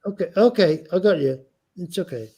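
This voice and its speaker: Man with a non-American accent, insistent and lecturing, warm mellow voice, slightly high. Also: animated, normal speed, slight background noise. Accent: non-American English. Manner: insistent, lecturing, repeats points. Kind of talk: heated casual argument.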